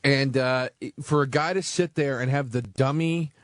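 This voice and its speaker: A man in casual radio chat, telling a story with lively energy and frequent swearing. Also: mid-range voice, normal speed, dry recording, studio quality. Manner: animated storyteller, swearing freely.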